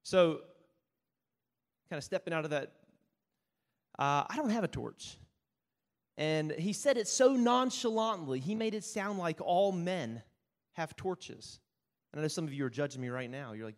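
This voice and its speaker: A man's voice: a little high, lively intonation, unhurried, pauses often, in a large hall. A man preaching a sermon, mixing self-mocking stories with Bible reading and often asking "right?". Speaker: pastor.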